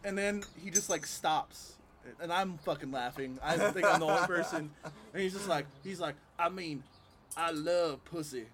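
A man telling a story in a casual podcast chat on a porch, animated and profane, often laughing as he talks. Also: fairly high pitch, normal speed, over a noisy crowd. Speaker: podcast panelist and stand-up comic. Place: home porch, outdoors.

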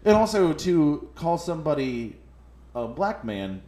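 A man on a podcast in casual chat, telling an animated, profane story full of quoted voices. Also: a little high, measured pace. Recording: echoey room.

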